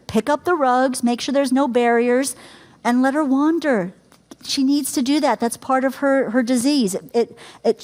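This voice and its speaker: A middle-aged woman teaching a caregiving workshop to a live audience, chatty, laughing easily and asking the room questions. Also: a little high. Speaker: caregiving educator.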